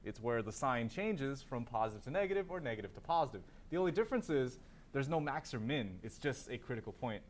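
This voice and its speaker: A man's voice: medium pitch, expressive, fast, slight background noise. A man teaching a calculus class, asking students questions, then answering them himself and repeating key terms. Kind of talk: classroom lecture.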